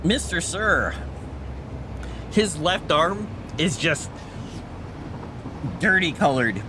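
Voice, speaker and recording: A man's voice: on the high side, sing-song, extremely slow, noisy background. A man streaming a video game at home in a casual chat, stopping to coo at his cat. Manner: chatty, coos and baby-talks to his cat. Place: home, indoors.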